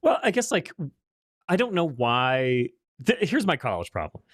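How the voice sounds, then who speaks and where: A man co-hosting a political talk show, rambling and halting with a wry edge. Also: a little high, wildly swooping pitch, dry recording, studio quality. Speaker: co-host.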